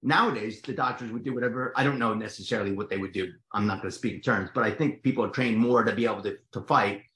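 A man's voice: lowish voice, fast talker, a bit bright, roomy sound. A man from New Jersey with a New Jersey accent, an actor chatting in an interview, rambling with stumbling restarts. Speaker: actor guest. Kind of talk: casual interview chat.

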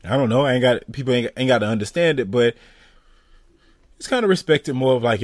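A man co-hosting a casual podcast, talking in loose slang with a lively, swooping pitch and a quick laugh. He sounds a little stuffy from sinus trouble. The sound is dry and close, with no room around it. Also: no echo. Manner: animated, laughs often, loose slangy talk. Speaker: podcast co-host. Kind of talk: casual chat.

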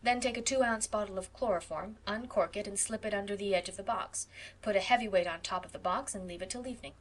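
A breezy, capable young college woman, voiced by a woman reading a storybook aloud. She talks in a brisk, matter-of-fact way, with an everyday speaking voice. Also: mid-range voice, lightly acted. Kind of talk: audiobook character voice.

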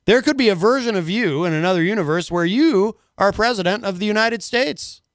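A man's voice: high voice, animated, brisk, dry recording, studio quality. A man hosting a casual talk radio show, rambling and full of filler words.

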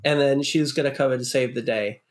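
A man's voice: mid-range voice, fairly even intonation, normal speed. A man co-hosting a casual movie podcast, talking in a rambling way full of "like". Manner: rambling, heavy use of "like". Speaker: podcast co-host.

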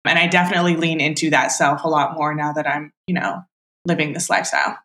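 A woman's voice: deep voice, fairly even intonation, fast, a bit bright. A woman in her thirties, a podcast guest talking casually and reflectively, with lots of filler words. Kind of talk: casual chat. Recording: roomy echo.

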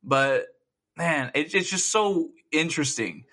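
A young man co-hosting a gaming podcast, retelling game scenes in an animated rush. His voice is bright and sits a little high. He swears freely and breaks into laughter. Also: a little slow. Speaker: podcast co-host. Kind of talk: casual gaming chat.

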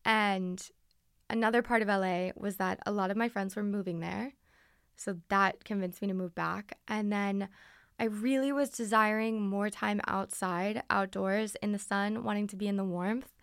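Bubbly young woman with vocal fry. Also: medium pitch, steady tone, normal speed, dry recording, clean studio sound. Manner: chatty, bubbly, answers listener questions. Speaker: podcast host. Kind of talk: casual solo podcast chat. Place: recording studio. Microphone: studio microphone.

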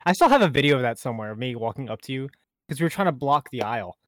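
A man's voice: mid-range voice, expressive, very fast, a bit bright, no room sound, studio quality. A young man co-hosting a podcast, chatting casually and telling stories with frequent laughs. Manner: joking, laughs often, storytelling. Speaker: podcast co-host. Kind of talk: casual chat.

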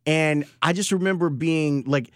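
A man's voice: on the high side, clean tone, no echo, clean studio sound. A man in his forties hosting an interview and asking casual questions. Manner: conversational, halting with restarts. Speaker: podcast host.

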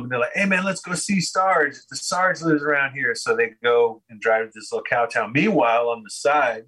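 A man's voice: lowish voice, pushed and bright, low-quality recording. A man guesting on a podcast, telling a rambling story in casual chat and laughing often.

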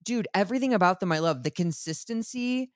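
A man's voice: sits high, animated, fairly quick, dry recording, studio quality. A young man co-hosting a podcast, chatting candidly and laughing often. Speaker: podcast co-host. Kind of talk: casual chat.

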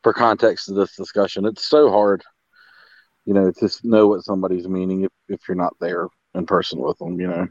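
A man's voice: low-pitched, animated, fairly quick, creaky, no echo. A man co-hosting a podcast in casual chat, rambling with many restarts and fillers over a remote call. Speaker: podcast co-host. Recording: dull, lo-fi sound.

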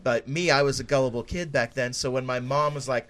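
A man with a mid-pitched voice tells a rambling story in a casual podcast chat. He is relaxed and swears offhandedly. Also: fairly quick, hardly any pauses. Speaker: podcast co-host.

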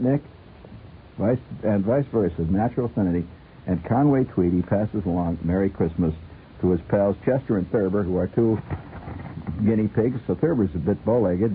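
A man's voice: lowish voice, slight background noise. Rambling man on tinny old radio. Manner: rambling, chuckling, playful. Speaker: radio host. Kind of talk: late-night radio chat.

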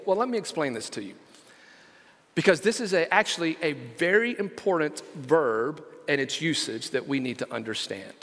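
Emphatic pastor preaching in a reverberant sanctuary. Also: male voice, on the high side, expressive, a bit bright. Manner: emphatic, slows down to stress scripture; engages congregation with call-outs. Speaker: senior pastor. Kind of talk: sermon.

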